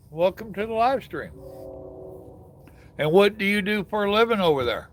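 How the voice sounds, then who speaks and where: A man's voice: high voice, big pitch swings, normal speed, fairly bright tone, slight background noise. An older man hosting a casual live stream outdoors, chatting with viewers in a folksy, drawling way. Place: outdoors in the evening.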